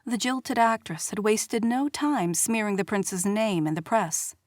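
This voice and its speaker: A woman reading a romance novel aloud as audiobook narrator, measured and expressive, on a studio mic. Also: medium pitch, dry recording. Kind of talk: scripted narration.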